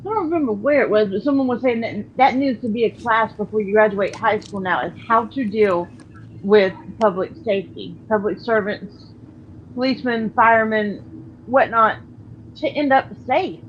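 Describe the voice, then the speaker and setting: A woman's voice: fairly high pitch, normal speed. A woman calling in to a casual chat, speaking frankly and plainly. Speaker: guest caller. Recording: dull lo-fi call audio with faint noise.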